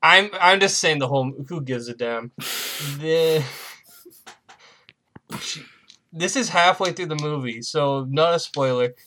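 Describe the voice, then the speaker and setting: A man's voice: on the high side, unhurried, long pauses, pushed and bright. A man co-hosting a movie podcast, rambling through plot summaries with lots of fillers and jokes. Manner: rambling, joking, many fillers. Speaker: podcast co-host. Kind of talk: casual chat.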